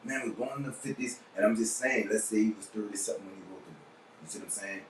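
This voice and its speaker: Rambling low-voiced New Orleans man. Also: fast, a little hiss or hum. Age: young adult. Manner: rambling and emphatic, keeps asking "you see what I'm saying"; blunt, profane street talk. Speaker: podcast host. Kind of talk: casual monologue. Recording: roomy, distant mic with faint ambience.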